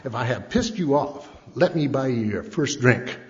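A man's voice: medium pitch, expressive, moderate pace, voice pushed down, close to an everyday voice. A man quoting a harsh lawyer who scolds newcomers with sardonic jabs. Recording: dull lo-fi recording in an echoey hall.

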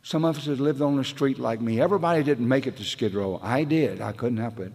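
A man's voice: mid-range voice, lively intonation, brisk, darkish tone, husky, in a large hall. A man sharing at a recovery meeting, telling stories in a rambling, folksy way with casual grammar. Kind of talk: storytelling share at a meeting.

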